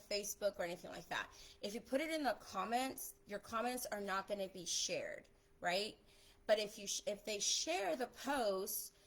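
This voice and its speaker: A young adult woman talking fast and chattily in a casual live stream, giving social media tips as a photographer. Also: medium pitch, fairly bright tone, low-quality recording. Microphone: phone or webcam on a live stream.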